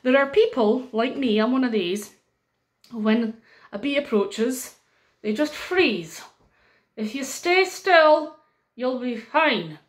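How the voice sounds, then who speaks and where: Animated Scottish woman telling a children's story. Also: on the high side. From Scotland. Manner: animated, sing-song, lots of pauses and asides.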